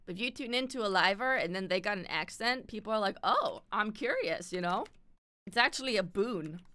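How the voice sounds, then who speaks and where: Woman streamer, standard North American accent, slight lisp, rambling casual chat full of fillers and offhand swearing, crisp tone. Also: medium pitch, brisk, sharp tone. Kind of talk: casual chat with live viewers.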